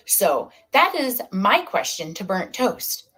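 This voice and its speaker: Ranting woman streamer, taunting call-outs, swooping lively pitch, slow deliberate delivery. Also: slightly rough. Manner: confrontational, taunting, repetitive. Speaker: livestreamer in a played clip.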